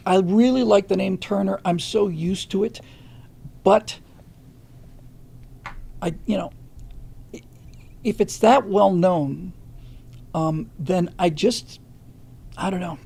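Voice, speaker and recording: A man's voice: high-pitched, vocal fry, a little mellow, slightly rough. A middle-aged man hosting a livestream, chatting casually and reading viewer questions, with many fillers and restarts. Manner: halting, many fillers and restarts, reads viewer comments aloud.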